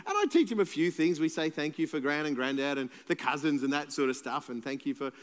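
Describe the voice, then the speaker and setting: A man's voice: a little high, animated, brisk, long reverb tail. A man with an Australian accent, a pastor preaching a sermon in a conversational, playful way and joking with the congregation.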